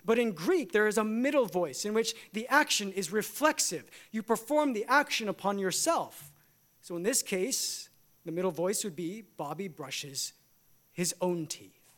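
Emphatic high-voiced male preacher. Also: lively intonation, moderate pace, a bit bright. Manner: emphatic preaching, rising and falling. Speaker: pastor. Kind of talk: sermon.

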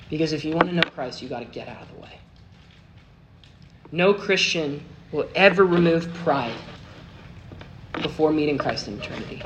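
Man preaching over a noisy recording. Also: a little high. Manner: expressive storytelling with big swings from hushed to emphatic. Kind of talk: sermon.

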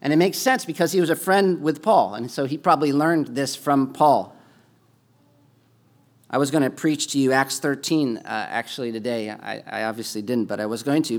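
A man's voice: mid-range voice, moderate pace. A man preaching a sermon to his congregation in a conversational way, rising in force on key points. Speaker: pastor.

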